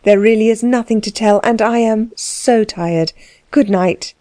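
A spirited young noblewoman speaks in a weary, tired way, as a woman reads her aloud. The voice is mellow and dry, set in an audiobook. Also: a little high, unhurried, dry recording, lightly acted. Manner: weary, impulsive.

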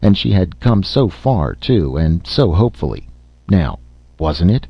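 Guy doing a cocky sneery dwarf, low drawly voice, kinda muffled dry recording. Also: very animated, measured pace, creaky, breathy edge, dry recording, exaggerated voice. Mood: sneering. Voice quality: elaborate mocking drawl.

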